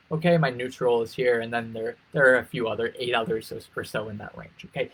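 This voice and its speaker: A man coaching pageant contestants on a live stream, energetic, repeating key phrases for emphasis and swooping his pitch to demonstrate emotions. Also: moderate pace, hardly any pauses, low-quality recording. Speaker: interview coach.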